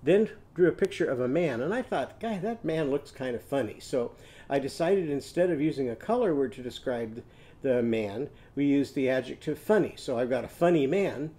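A man teaching a children's phonics lesson, modeling letter sounds in a slow, sing-song way. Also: mid-range voice, expressive, warm tone. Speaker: literacy teacher.

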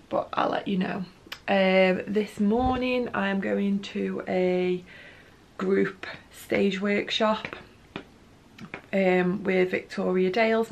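A woman's voice: lowish voice, gravelly. A young woman talking casually in a video diary, with frequent "um" fillers. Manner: chatty, unhurried, frequent "um" fillers. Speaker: vlogger.

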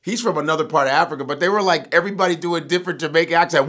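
A middle-aged man and comedian talking casually as a guest, animated and profane. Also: on the high side, very fast, hardly any pauses. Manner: animated, profane, prone to outbursts. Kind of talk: casual interview chat.

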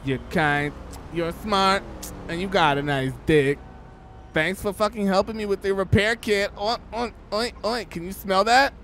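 A man's voice: high voice, a little slow, fairly bright tone, slight background noise. A man voicing a brash, foul-mouthed woman who runs a taco truck, crude and theatrical with shrieking outbursts in game role-play. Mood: flirty.

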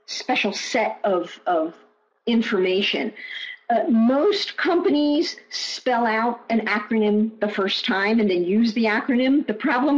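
Animated woman presenter. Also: a little high. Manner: animated, emphatic, repeats key phrases. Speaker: guest presenter. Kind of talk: webinar Q&A answer. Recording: muffled online audio.

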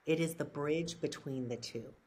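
A woman guest, a brand strategist and author, giving measured and earnest answers in an interview, pausing with fillers and restarts. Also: sits low, a little mellow, slightly rough.

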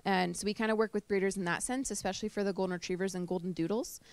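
A woman's voice: medium pitch, steady tone, rapid-fire, no echo. A woman who trains service dogs gives an informal talk to a small group, chatty and emotional, with many fillers. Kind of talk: informal presentation to a live group. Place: indoor talk to a small audience.

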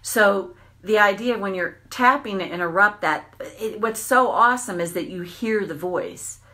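A woman tapping coach giving an earnest, reflective self-help talk on a livestream, repeating phrases and slowing down for emphasis. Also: medium pitch, pushed and bright.

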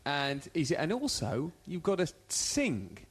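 A man's voice: a little high, huge pitch swings, a little slow, gravelly, breathy edge. A man presenting a live radio show on location at a ballet company, chatty and joking as he interviews guests and reads out listener texts.

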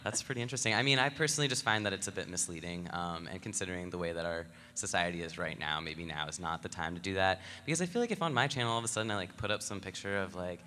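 A man's voice: sits low, racing, few pauses, sharp tone. A man speaking on a live panel in a rambling way, full of "like.". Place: convention hall stage. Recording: echoey hall with faint noise.

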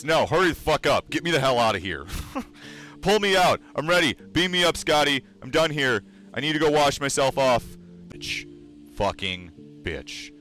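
Young male streamer, bright lively voice, sarcastic and foul-mouthed, faint music under. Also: medium pitch. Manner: loud, sarcastic, swearing freely. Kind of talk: casual profane stream rant.

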